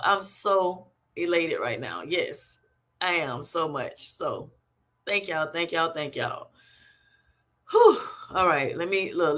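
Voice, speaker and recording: Effusive, bright-voiced woman livestreamer. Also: fairly low pitch. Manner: effusive, thanking viewers over and over. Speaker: livestream host. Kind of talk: casual live-stream chat.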